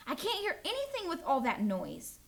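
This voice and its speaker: An upset, indignant young boy, as a woman reading aloud puts him on, pleading one moment and protesting the next. The voice swings widely, with a slightly gravelly low edge. A storybook kid who feels wronged. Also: huge pitch swings, normal speed, heavily acted.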